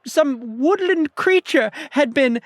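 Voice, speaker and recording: A woman's voice: high-pitched, expressive, slow pace, dry recording, clean studio sound. A woman voicing a rambling, long-winded old male halfling father in a tabletop game. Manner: doddering, long-winded storytelling.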